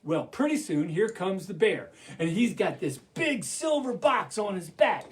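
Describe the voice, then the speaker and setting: A man performing an interactive children's story, animated and full of call-and-response. His voice sits high and bounces all over the place as he leads the crowd. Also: a little slow. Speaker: storyteller, puppeteer.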